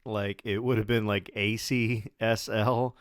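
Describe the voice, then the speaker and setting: Man, podcast co-host, dry skeptical quips, smooth clear voice, dry close sound. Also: lowish voice, little pitch movement, a little slow, no room sound. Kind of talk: casual chat.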